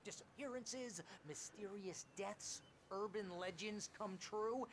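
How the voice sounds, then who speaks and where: An actor voicing an excitable man in a video game, sharing spooky local gossip with animated delivery. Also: high voice, slow pace, slight background noise. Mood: excited.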